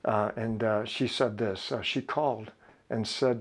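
Speaking with a fairly low pitch and a steady tone, a middle-aged man who pastors opens up in his sermon about a personal experience. He confides candidly, pausing often and restarting what he says.

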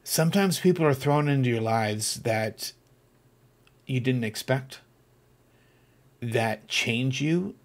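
A man hosting his own podcast, telling a personal story in an earnest, reflective way that turns animated when he gets excited. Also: medium pitch, takes it slowly, pauses often. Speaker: podcast host. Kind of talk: casual storytelling monologue.

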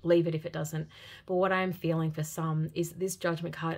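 Woman tarot reader with a gravelly edge, heartfelt and gentle delivery for a reading to viewers. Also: sits low, level tone, brisk. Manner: earnest, gentle and heartfelt, with many repeated phrases.

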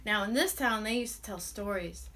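A woman music teacher telling a children's story aloud, animated and expressive, with playful sound effects. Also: medium pitch, normal speed, a little hiss or hum. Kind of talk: storytelling to children with ukulele song.

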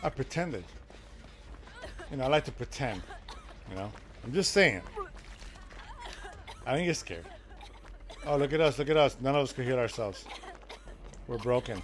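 A man streaming a live game, joking with chat and breaking into loud excited shouts. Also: medium pitch, moderate pace, long pauses, a little hiss or hum. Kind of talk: live gameplay commentary.

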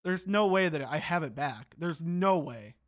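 A man's voice: on the high side, lively intonation, unhurried. A young man giving gameplay commentary, exasperated and talking to himself as he plays. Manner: exasperated, talks to himself while playing. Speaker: gaming channel host.

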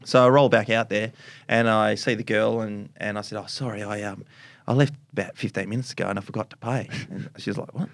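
An Australian man in his forties, a former footballer and podcast guest, telling stories in an animated way and acting out the voices. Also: lowish voice, a little fast, vocal fry, no room sound. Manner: animated storyteller, acts out voices, laughs often. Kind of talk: casual chat, anecdote telling.

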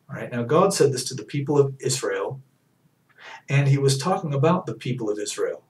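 A man preaching a fervent sermon, repeating words as he builds to emphatic peaks and then drops low. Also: lively intonation, a little fast, roomy sound, distant mic, low-quality recording.

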